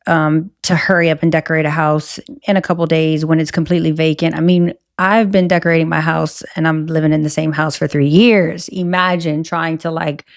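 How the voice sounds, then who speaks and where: A woman in her thirties hosting her own podcast, chatting casually and rambling off on tangents. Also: lowish voice. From American South. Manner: chatty, rambling, self-interrupting. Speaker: podcast host. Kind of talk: casual solo podcast chat.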